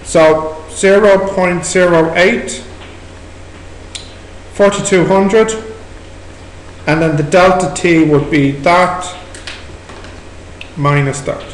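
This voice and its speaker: Irish male tutor, high voice, echoey classroom. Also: steady tone, takes it slowly, pauses often. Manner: questioning, prompting students step by step. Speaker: maths tutor. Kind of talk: working through exam questions with students. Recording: echoey room recording with background noise.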